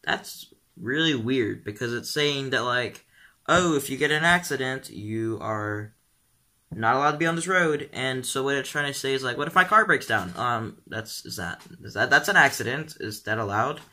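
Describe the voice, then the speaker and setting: A man's voice: mid-range voice, expressive, moderate pace, sharp tone. A teenage boy vlogging casually, rambling and filling his talk with um and like. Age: teens. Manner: rambling, full of "um" and "like". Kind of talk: casual vlog commentary.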